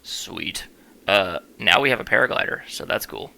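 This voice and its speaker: A man's voice: fairly low pitch, animated, normal speed, creaky, pushed and bright. A man hosting a let's-play, commentating on gameplay in a playful, jokey way and talking straight to viewers. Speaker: gaming host.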